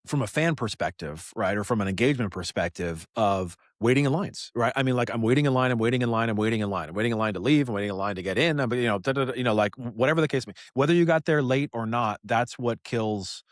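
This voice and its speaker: Man, American, podcast co-host, rambling casual chat, mid-pitched, dry sound. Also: fast, few pauses, no echo. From United States. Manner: rambling, repeats phrases, says "you know" and "dude".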